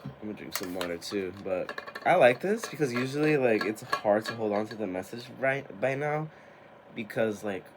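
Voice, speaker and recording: Young guy doing tarot chat on camera, kinda low voice, laughs a lot, swears casually. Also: animated, normal speed, background noise. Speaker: tarot reader hosting a spiritual channel.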